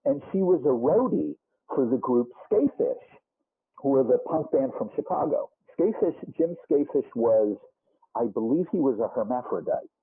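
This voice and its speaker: A man in his sixties with a Boston accent tells rambling rock-and-roll stories in a lively voice that swoops up and down. His voice is slightly husky and sounds squeezed and narrow, like a phone line. He keeps restarting sentences and throwing in asides. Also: medium pitch, moderate pace. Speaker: musician interview guest. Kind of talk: casual storytelling interview. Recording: muffled phone-like band.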